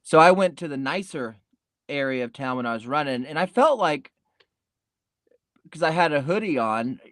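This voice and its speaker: A man's voice: fairly high pitch, expressive, normal speed, a bit bright, no echo, studio quality. Rambling laid-back comedy podcast man. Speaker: podcast host. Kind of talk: casual comedic monologue.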